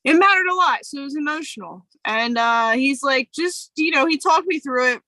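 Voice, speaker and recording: A woman with a bright, forceful voice, pitched a little high, talks casually on a podcast. Her storytelling is candid and emotional, full of fillers, and her sound is dry and close. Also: expressive, moderate pace, no echo, poor audio. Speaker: podcast co-host. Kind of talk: casual chat.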